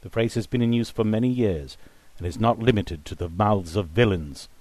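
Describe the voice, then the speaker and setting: A man voicing a suspicious, educated gentleman who speaks formally and precisely. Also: fairly low pitch, normal speed, no room sound, lightly acted. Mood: accusing. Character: educated, sharp-witted gentleman, male, suspicious.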